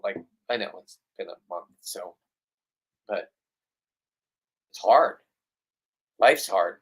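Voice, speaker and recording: This fishing vlogger has a low, gravelly, husky voice with lively intonation and a slow delivery. Speaking casually to the camera, he rambles bluntly and pokes fun at himself.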